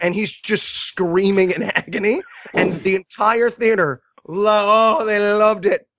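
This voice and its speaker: A man casually retelling a movie's scenes with sarcastic jokes, animated and quick to mock. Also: high voice, no room sound. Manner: sarcastic, animated storytelling with quoted asides. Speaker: podcast co-host reviewing a movie. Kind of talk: casual comedic movie review chat.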